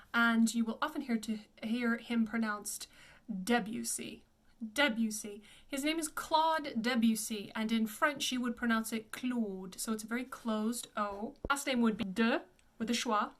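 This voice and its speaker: A woman voice coach with a fairly high voice leads a pronunciation lesson. She models each name slowly and repeats it for the listener. Her tone is clear and instructive throughout. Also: steady tone. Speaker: classical voice coach.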